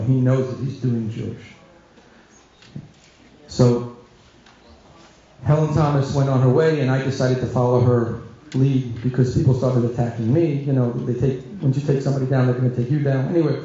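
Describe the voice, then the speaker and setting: A middle-aged man, a rabbi telling animated stories to an audience and acting out voices. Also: fairly high pitch. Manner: animated storyteller, acts out voices and shouts. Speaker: rabbi giving a talk. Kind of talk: storytelling talk to an audience. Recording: dull lo-fi sound in a very echoey hall.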